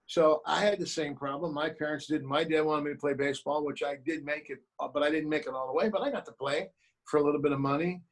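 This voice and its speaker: Brief: male guest on a video call, lively storyteller, slightly high voice. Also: fast talker, rough recording. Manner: animated storyteller, acts out quoted voices. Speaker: actor and producer, guest. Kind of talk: remote interview, storytelling advice.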